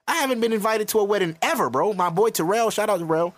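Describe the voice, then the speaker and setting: A man's voice: high-pitched, quick pace, few pauses. Profane man in his thirties ranting. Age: 30s. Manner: profane, emphatic, lecturing. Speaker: podcast host. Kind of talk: casual podcast rant.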